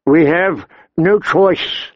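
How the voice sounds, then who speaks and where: A man voicing a sly, ingratiating male courtier in an audiobook, soft and slow. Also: fairly high pitch, dry recording, highs cut off, pitched above the performer's own voice. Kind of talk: audiobook character voice.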